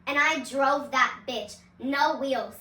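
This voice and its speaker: Young woman, high voice, candid testimony storytelling, swears and laughs a lot, roomy echo, sits back from the mic. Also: slow, distant mic, very noisy. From Seattle, USA. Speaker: vlogger. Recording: echoey room, voice away from the mic.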